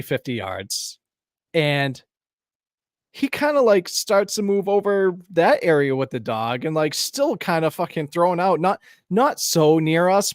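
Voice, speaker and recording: A man co-hosting a podcast, telling a story in casual chat, profane and animated, laughing often. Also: fairly high pitch, dry recording, clean studio sound. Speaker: podcast co-host. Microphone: podcast mic on a live stream.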